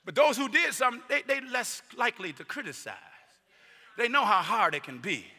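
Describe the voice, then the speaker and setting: Bishop, high sharp voice, shifts from quiet asides to shouted preaching, church reverb. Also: male voice, very animated, brisk, husky. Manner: colloquial, conversational with the congregation. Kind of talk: sermon. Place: large church sanctuary. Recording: long church-hall reverb.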